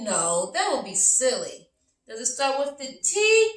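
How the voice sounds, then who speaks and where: Woman, kids' phonics teacher: high, lively, slow sing-song; mic a bit far off in an echoey room. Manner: slow, sing-song, encouraging, exaggerated letter sounds. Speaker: early-learning teacher. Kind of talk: phonics lesson for young children. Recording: roomy, from a distance.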